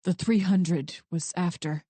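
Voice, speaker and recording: A woman voicing a guilt-ridden adult man who confesses in a low, halting, strained voice. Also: steady tone, mellow, no echo.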